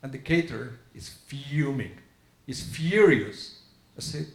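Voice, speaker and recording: In an echoey synagogue sanctuary, a man with an expressive, creaky voice slowly preaches a sermon told as a story. He voices the dialogue, changing his pitch for each part.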